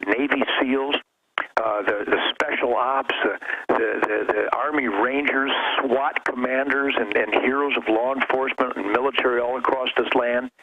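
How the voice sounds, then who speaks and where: A man's voice: mid-range voice, muffled recording. Fired-up guy on talk radio, kinda preachy, hissy background noise. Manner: fervent, preachy, swings loud and emotional. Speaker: guest caller. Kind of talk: impassioned talk radio rant.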